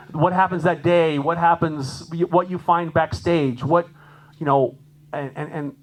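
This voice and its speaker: Animated male jazz drummer giving a clinic. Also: high voice, low-quality recording. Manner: animated, chatty, laughs often, acts out quoted voices. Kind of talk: lively conference clinic talk. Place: conference room with an audience.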